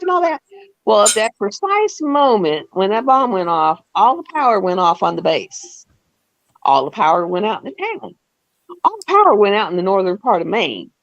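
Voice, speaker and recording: A woman's voice: medium pitch, no echo, dull audio. A woman in her fifties hosting a live stream, telling stories in a chatty way with laughs and acted-out quotes. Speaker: host. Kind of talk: casual storytelling chat.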